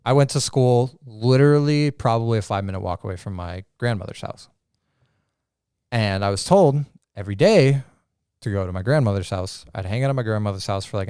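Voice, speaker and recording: A young man co-hosting a podcast, telling a crude childhood story in casual chat, animated and swearing freely. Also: lowish voice, clear, resonant tone, no echo, clean studio sound. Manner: storytelling, profane and animated, acts out quoted voices. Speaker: podcast co-host.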